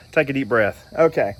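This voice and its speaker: A man's voice: mid-range voice, a bit bright. A middle-aged man casually rambling through a walk-through of his RV, recorded on a phone outdoors at a campsite at night. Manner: rambling and folksy, with frequent fillers. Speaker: RV owner vlogger. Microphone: handheld phone. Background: crickets and insects.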